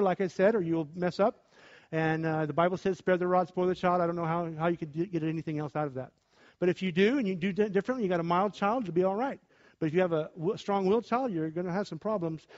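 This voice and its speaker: A man preaching with passion, swinging from shouts to quiet talk. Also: fairly high pitch. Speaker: pastor. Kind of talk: preaching sermon with discussion. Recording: dull lo-fi recording.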